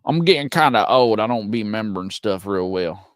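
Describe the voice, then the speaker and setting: A man streaming a watch party, giving casual play-by-play commentary that turns excitable and profane when frustrated. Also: on the low side, a little fast, no room sound. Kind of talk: casual live game commentary.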